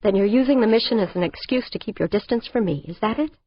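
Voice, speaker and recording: An impatient, controlling wealthy man who insists in a low, tight voice, read by a woman narrator. His tone is pressing and clipped. The recording is dry and a touch dull. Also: quick pace, husky, no echo, natural voice. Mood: insistent.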